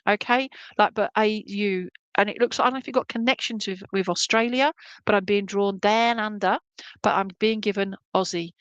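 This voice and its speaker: A woman's voice: mid-range voice, no echo, rough recording. Chatty woman medium, dry sound. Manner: chatty, reassuring, checks in with "okay?" constantly. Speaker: spiritualist medium. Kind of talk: clairvoyant reading in an online church service.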